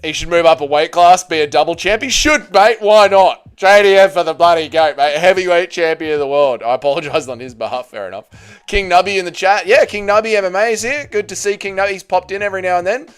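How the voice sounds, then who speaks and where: A man's voice: high voice, fast talker, clean tone. An Australian man hosting a live stream, chatting casually, reading chat aloud and swearing freely.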